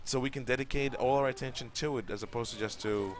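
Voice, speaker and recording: A man's voice: medium pitch, quick pace, slight background noise. Rambling, opinionated young man streaming. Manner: rambling, opinionated, swears freely. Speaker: co-host of a gaming stream. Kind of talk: casual gameplay chat.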